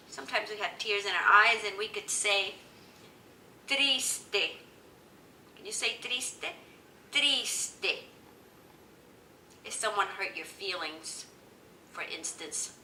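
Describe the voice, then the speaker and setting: A woman teaching children, speaking slowly with exaggerated sing-song prompts for them to repeat. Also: medium pitch, bright, forceful tone, far from the mic, a little hiss or hum. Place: indoor room, teaching with picture cards. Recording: echoey room, voice from afar.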